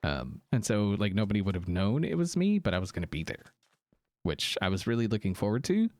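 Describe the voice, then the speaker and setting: A man's voice: lowish voice, huge pitch swings, a little fast, a little mellow, dry recording. A young man streaming a game, chatting casually with viewers in a slightly sick voice with a lingering cough, rambling with ums and laughs. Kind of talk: casual livestream chat answering viewers.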